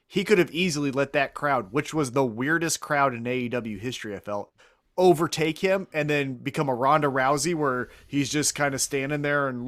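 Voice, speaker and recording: A man's voice: mid-range voice, a bit bright. Enthusiastic man co-host. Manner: enthusiastic, swears, frequent "right?" checks. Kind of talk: casual podcast chat.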